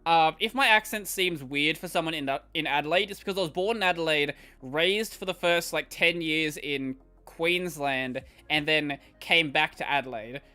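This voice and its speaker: A man's voice: fairly high pitch, normal speed, few pauses, sharp tone, clean tone, soft background music. A man with an Australian accent and a slightly nasal voice, chatting casually on a live stream as he answers viewer questions, rambling with lots of fillers and restarts. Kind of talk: casual chat while reading viewer questions.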